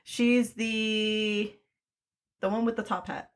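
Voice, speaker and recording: A woman guest in a casual podcast chat, easygoing and quick to laugh at her own lapses. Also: medium pitch, fairly even intonation. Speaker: guest, scare actress.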